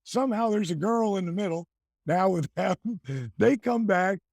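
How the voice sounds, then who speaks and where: Gravelly, animated male storyteller. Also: sits high, moderate pace, no echo, clean studio sound. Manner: animated storyteller acting out quoted voices. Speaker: guest.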